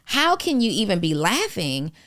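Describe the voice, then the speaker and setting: A woman's voice: medium pitch, wildly swooping pitch, moderate pace, a bit bright, no room sound, clean studio sound, voice pushed up. A woman voicing her anxious older mother, firing off frantic, worried questions about money. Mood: alarmed.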